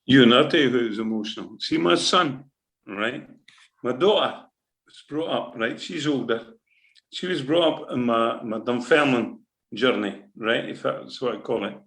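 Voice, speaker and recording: Gravelly Scottish man telling stories. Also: mid-range voice, moderate pace, rough recording. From Scotland. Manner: animated, repetitive, keeps asking "right?". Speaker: football manager. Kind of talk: emotional storytelling interview.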